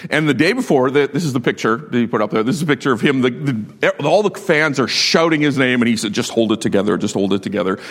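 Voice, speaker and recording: A man preaching a sermon, telling a story with lively swings between loud and hushed delivery and frequent laughter. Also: medium pitch, fast, hardly any pauses, husky, big-room sound. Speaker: pastor.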